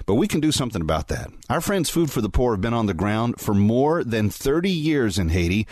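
A man's voice: mid-range voice, very animated, fairly quick, darkish tone, dry recording, clean studio sound. A man making an urgent, persuasive fundraising appeal on the radio. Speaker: charity appeal announcer.

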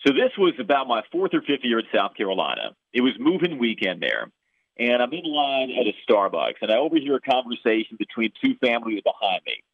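A man's voice: medium pitch, big pitch swings, fairly quick, husky, no room sound. A Chicago-accented man who calls games for a living talks through an interview with an earnest, storytelling flow. His voice comes through narrow and phone-like, dry with no room around it. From Chicago area. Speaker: play-by-play broadcaster. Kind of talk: podcast interview answers. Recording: tinny phone line.

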